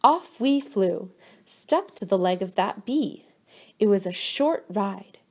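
A woman teacher reading a picture book aloud to children, gently stopping to ask them questions. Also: mid-range voice, expressive, slightly rough. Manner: slow, gentle, pauses to quiz children.

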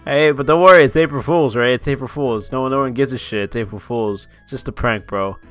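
A man's voice: mid-range voice, fairly quick, fairly bright tone, faint music behind. A young man ranting sarcastically and profanely in a casual vlog, mocking his audience. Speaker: YouTuber.

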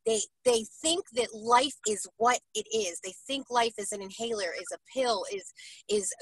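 A woman's voice: a little high, expressive, normal speed, slightly rough, no room sound, low-quality recording. A woman hosting a casual interview, gushing and enthusiastic, often tagging her points with "right?". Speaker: interviewer and host.

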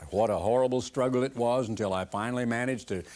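A man's voice: mid-range voice, fast, a little mellow. An older man giving a televised sermon in an earnest, conversational preaching manner.

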